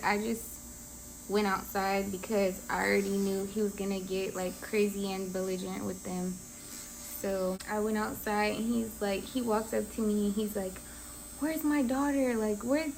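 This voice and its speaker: A woman in her twenties, a vlogger telling a personal story in a casual, animated style with lots of "like"s. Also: mid-range voice, normal speed, vocal fry, a little hiss or hum. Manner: casual, animated retelling with many "like"s. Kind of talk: storytime chat.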